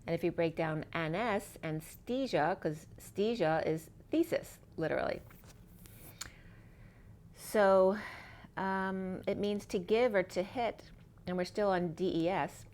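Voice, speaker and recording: A middle-aged woman with a slightly low voice talks through a spiritual tarot reading. She drifts from card to card and picks words apart in free-associating wordplay. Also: slow, a little mellow. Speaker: tarot reader.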